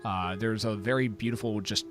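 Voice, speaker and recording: A man with a lower voice narrates a tabletop game as dungeon master. He speaks hesitantly, with many fillers, and faint music plays underneath. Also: steady tone, normal speed.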